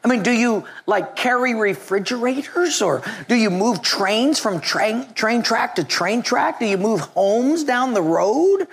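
A preacher imitating a male TV talk show host who asks his questions slowly and with disbelief. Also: mid-range voice, lively intonation, breathy edge. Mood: incredulous.

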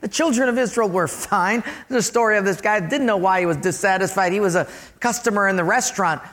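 A male pastor preaching a sermon in an animated, emphatic way, asking the congregation questions. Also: sits high, fast talker.

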